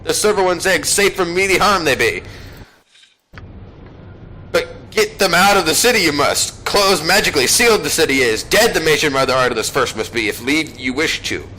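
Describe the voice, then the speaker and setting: A man's voice: a little high, animated, normal speed, sharp tone, slight background noise, poor audio. A man voicing a small impish male servant creature who speaks in inverted word order, reading game dialogue aloud. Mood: urgent.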